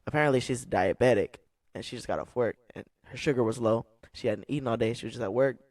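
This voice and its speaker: A man's voice: medium pitch, fast, a little mellow, dry recording. A man co-hosting a podcast, telling a long story in casual chat and checking in with his listeners as he goes. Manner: rambling storyteller, keeps asking "right?". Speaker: podcast co-host.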